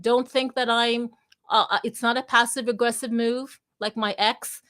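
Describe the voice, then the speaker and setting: A woman's voice: a little high, steady tone, moderate pace, fairly bright tone. A woman hosting a casual live chat, talking candidly and rambling, with frequent restarts. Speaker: host of a live audio space.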